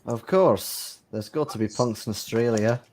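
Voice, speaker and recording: A man's voice: medium pitch, a little slow, darkish tone. A man playing a tabletop game, making crude, dry jokes in casual chat. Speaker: player.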